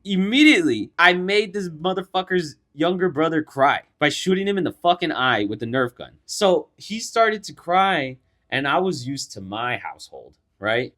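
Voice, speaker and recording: A man's voice: a little high, normal speed. A young man co-hosts a casual podcast and tells a story with lots of energy. He swears freely and acts out what other people said as he goes. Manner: animated, swears a lot, acts out quotes. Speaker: podcast co-host.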